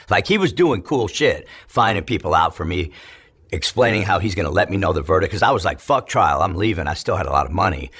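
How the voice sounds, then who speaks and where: A man's voice: on the low side, fairly bright tone, slightly rough. A man from California telling his life story in an interview, in a casual, profane, rambling way with many restarts.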